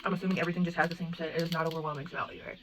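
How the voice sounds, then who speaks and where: Chatty young woman vlogger, low voice. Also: rapid-fire. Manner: chatty and excitable, full of "like" and asides. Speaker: makeup vlogger. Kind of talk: casual unboxing chat.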